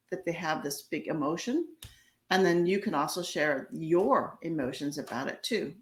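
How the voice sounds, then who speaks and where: A woman therapist giving a casual spoken lesson on handling conflict in couples, pausing often and restarting her words as she coaches. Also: on the low side. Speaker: couples therapist teaching a course. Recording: echoey room.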